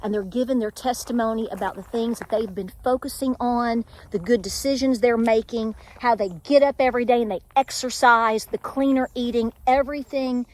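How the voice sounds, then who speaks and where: Woman, Tennessee accent, middle-aged, slightly high pitch, earnest preachy vlogger. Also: fairly even intonation, normal speed, hardly any pauses, darkish tone. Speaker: homestead vlogger. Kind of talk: casual faith-filled vlog talk.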